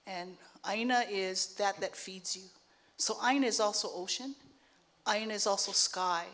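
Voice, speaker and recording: Middle-aged woman from Hawaii, panel speaker, relaxed, with lots of ums and you-knows. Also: mid-range voice. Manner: relaxed, thinking aloud with many fillers. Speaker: artist and professor, panel speaker. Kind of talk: panel conversation.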